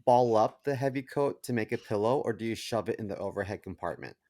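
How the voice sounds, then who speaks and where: A man co-hosting a podcast in casual chat, teasing his partner and telling stories quickly. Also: fairly low pitch, a little mellow, no echo, studio quality. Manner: teasing, quick, mocking retellings. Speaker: podcast co-host.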